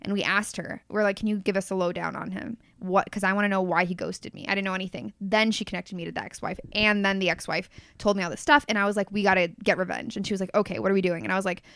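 A woman's voice: mid-range voice, gravelly, no room sound, clean studio sound. A woman as a podcast guest, telling a candid personal story in casual chat. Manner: candid storytelling, quick and animated.

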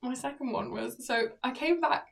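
A young woman co-hosting a podcast, telling stories in casual chat with loud exclaiming and swearing. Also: high voice, moderate pace, gravelly. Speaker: podcast co-host.

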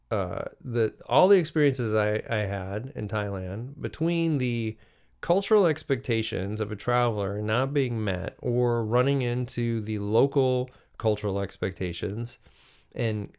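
Slow, musing American man, clear voice. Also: mid-range voice, darkish tone. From United States. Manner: musing, unhurried, with frequent restarts and fillers. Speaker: podcast host. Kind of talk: solo reflective monologue.

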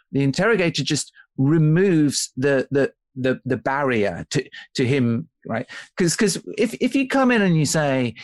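A man's voice: a little high, lively intonation, normal speed, no echo. Man explaining with restarts, dry close sound. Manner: thoughtful, explains with many restarts and "right?" checks. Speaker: author and guest. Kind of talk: conversational podcast interview.

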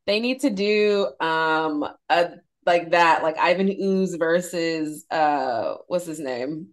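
A woman's voice: sits low, slow. A woman co-hosting a casual podcast, bantering with her co-host and laughing along. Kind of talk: casual chat.

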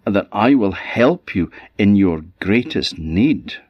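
Storybook raven, a man doing it: Orcadian lilt, slow and begging, deep, dull audio. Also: expressive, slightly rough, dry recording, exaggerated voice. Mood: pleading. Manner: slow, pleading. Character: starving talking raven, pleading.

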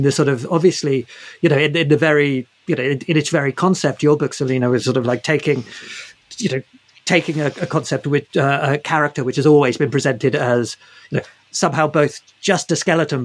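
A man interviewing authors, hesitant and full of fillers and restarts. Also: fairly high pitch. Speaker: interviewer host. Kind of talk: book interview.

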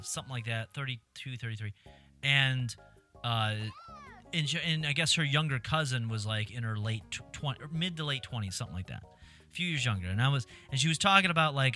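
A man's voice: mid-range voice, bright, forceful tone. A man in his thirties chatting casually over a video game, rambling and correcting himself as he tells stories. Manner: rambling, self-correcting storyteller. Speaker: gamer chatting with a friend. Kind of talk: casual chat over gameplay.

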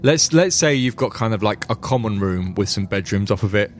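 A man's voice: lowish voice, expressive, fairly quick. A man narrating as game master in a chatty, laughing way.

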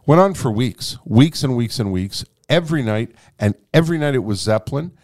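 A man telling a long anecdote as a guest in a conversation, animated and freely swearing. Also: mid-range voice, a little fast. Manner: animated, profane storytelling. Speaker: guest storyteller.

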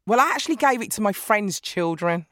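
A woman talking as a guest in a podcast interview, lively and chatty, often breaking into laughs. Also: medium pitch, a little fast, no echo, studio quality. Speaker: guest author. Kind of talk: casual interview chat.

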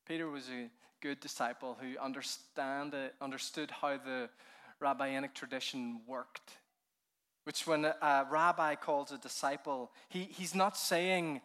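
Animated bright-voiced male preacher. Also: mid-range voice, unhurried. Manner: animated storytelling, dropping to hushed tones and rising with fervor; laughs often while speaking. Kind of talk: sermon. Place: conference hall.

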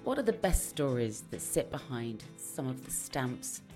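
A woman hosting a casual interview, chatty and quick to react to her guest. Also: extremely low pitch, very animated, music in the background. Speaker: interviewer host. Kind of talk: casual chat.

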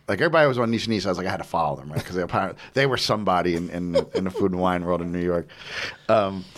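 A man hosting a podcast, chatting casually and rambling with loose, easygoing swearing. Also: lowish voice. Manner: rambling, many fillers and restarts, swears casually. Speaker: podcast host. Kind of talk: casual interview chat.

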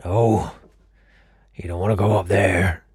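A man's voice: low voice, fairly even intonation, unhurried, a little mellow, breathy edge, no echo, studio quality, heavily acted. A man doing an anxious, warning barkeep. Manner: urgent, warning tone. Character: anxious male village barkeep, superstitious.

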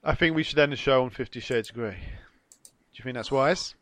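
A man's voice: medium pitch, moderate pace, fairly bright tone. A man co-hosting a casual podcast, chatty and self-deprecating, laughing easily. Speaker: podcast co-host. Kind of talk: casual banter.

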